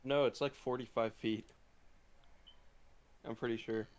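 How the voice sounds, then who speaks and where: A man playing a tabletop game who laughs easily and checks the rules in quick remarks. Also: mid-range voice, fairly even intonation. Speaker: player. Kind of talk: casual tabletop game chat.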